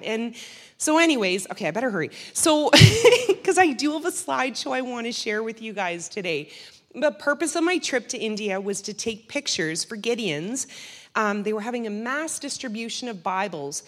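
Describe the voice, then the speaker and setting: A woman's voice: on the high side, lively intonation, moderate pace. A woman sharing a casual testimony with a church group, chatty, with frequent laughs and fillers. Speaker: church member giving a mission trip testimony. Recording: long hall reverb.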